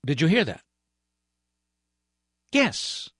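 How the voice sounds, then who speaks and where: A man's voice: on the high side, huge pitch swings, drawn-out words, fairly bright tone, slightly rough, no room sound. A man hosting a political talk radio show, delivering a sarcastic, ranting monologue as a fill-in host into a studio microphone.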